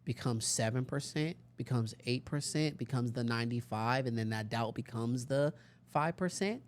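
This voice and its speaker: A man's voice: mid-range voice, normal speed, a little hiss or hum. A man hosting a conversational interview, encouraging his guest and asking questions with emphasis. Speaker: podcast host.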